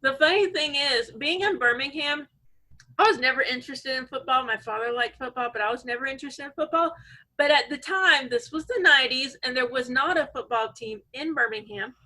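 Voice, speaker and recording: A woman from Georgia hosting a casual group chat on a video call, telling stories in a chatty, animated way. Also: high voice, brisk, rough recording. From Savannah, Georgia, USA. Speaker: host.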